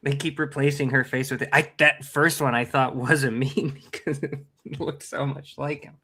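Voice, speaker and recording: A man's voice: mid-range voice, fairly even intonation, normal speed, pushed and bright, breathy edge. A man co-hosting a podcast in casual chat, sarcastic and profane. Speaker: podcast co-host.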